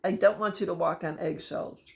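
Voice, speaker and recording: A middle-aged parent vlogger speaks in a creaky, lowish voice over background noise. Her monologue blends personal storytelling with emphatic advice for other parents, listing points deliberately.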